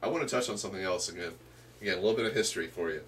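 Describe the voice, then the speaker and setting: A man co-hosting a casual wrestling history chat, talking haltingly with many restarts. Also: sits low, fairly bright tone. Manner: halting, full of restarts and fillers. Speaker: podcast co-host. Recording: distant mic with faint room noise.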